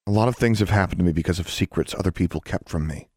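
A man's voice: sits low, rapid-fire, a little mellow, no room sound, studio quality. A man voicing a fierce, determined young girl who talks bluntly and defiantly. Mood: resolute.

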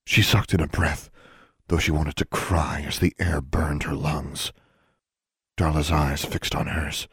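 A man narrating a fantasy story as an audiobook, in a steady, measured reading. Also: very deep voice, husky, dry recording, studio quality.

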